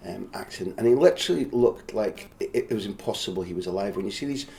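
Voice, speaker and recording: A man hosting a podcast, chatting and reminiscing in a relaxed interview. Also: on the low side, fast, gravelly. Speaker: podcast host. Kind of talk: casual interview.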